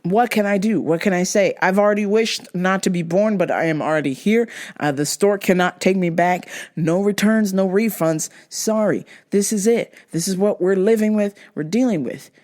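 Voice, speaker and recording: A woman's voice: moderate pace, few pauses, a little mellow. A woman hosting her own show, telling a family story in a casual, exasperated monologue. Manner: exasperated, incredulous retelling of family arguments; acts out quoted dialogue with shifts in pitch. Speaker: podcast host.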